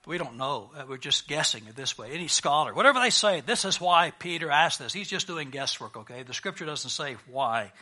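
A man's voice: fairly high pitch, lively intonation, a little fast, hardly any pauses, pushed and bright. A man preaching a sermon as pastor, in a conversational, lightly joking way with frequent restarts.

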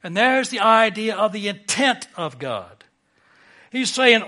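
A middle-aged man preaching a sermon in an earnest way, building emphasis and swelling louder on key points. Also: high-pitched, sing-song, takes it slowly. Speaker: pastor.

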